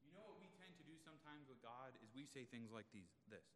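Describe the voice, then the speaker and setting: A man's voice: medium pitch, expressive, fast, fairly bright tone, a little hiss or hum. A male pastor giving an expository sermon in a conversational way, asking the congregation rhetorical questions. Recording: long reverb of a large room.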